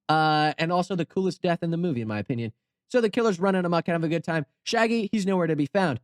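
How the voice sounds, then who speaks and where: High-voiced goofy young man. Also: no echo, studio quality. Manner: goofy, rambling, sarcastic asides. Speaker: channel host. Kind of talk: comedic storytelling commentary.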